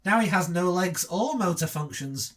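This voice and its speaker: A man co-hosts a laid-back film commentary, his voice sitting a little higher than usual. He tosses out dry, sarcastic jokes and breaks into laughter often. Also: animated, moderate pace, a bit bright. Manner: sarcastic, joking riffs with frequent laughter. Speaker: co-host.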